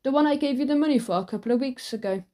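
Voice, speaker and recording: A woman's voice: sits high, racing, mellow, natural voice. A woman voicing an earnest, shy young schoolboy in a children's audiobook.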